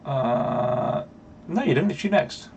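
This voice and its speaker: A man's voice: medium pitch, lively intonation, takes it slowly, darkish tone, muffled recording, slight background noise. Playful man running a tabletop game. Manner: laughs often, playful and teasing. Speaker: dungeon master.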